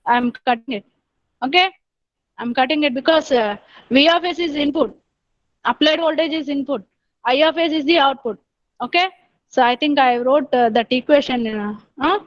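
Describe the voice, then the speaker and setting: A woman's voice: high voice, normal speed, pauses often, dry recording. A woman giving an online engineering lecture, explaining step by step and repeating herself with frequent "okay"s. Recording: dull, dry lo-fi recording.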